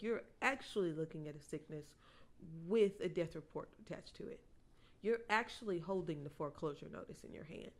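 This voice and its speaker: A woman with a slightly low voice hosts a devotional podcast. She reads a Bible passage and then reflects on it earnestly and personally, sometimes with a soft laugh. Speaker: podcast host.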